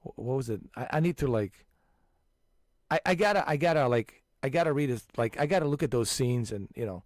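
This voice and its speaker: Brief: man, 40s, lively casual host, emphatic jumps, mid pitch, dry close recording. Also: brisk, no room sound. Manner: animated, restarts often, sudden emphatic rises. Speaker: gaming channel host. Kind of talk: casual chat.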